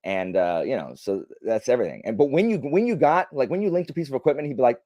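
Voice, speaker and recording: A young man chatting on a livestream, his pitch swinging up and down as he tells a rambling story. He leans on fillers and restarts, and the sound is close and dry, with no room echo. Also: very animated, fast, few pauses, dark tone. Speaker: livestream host. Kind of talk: casual chat.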